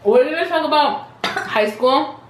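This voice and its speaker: A woman's voice: high-pitched, a little slow. Chatty young woman host, echoey room. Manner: chatty, relaxed, laid-back slang. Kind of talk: casual mukbang chat. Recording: echoey room with faint noise.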